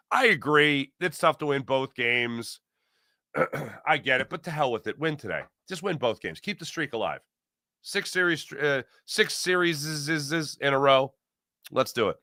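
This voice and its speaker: A man hosting a live sports stream, chatting casually, reading viewer comments aloud and doing quick ad reads. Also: on the high side, sharp tone, no room sound, clean studio sound. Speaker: sports show host.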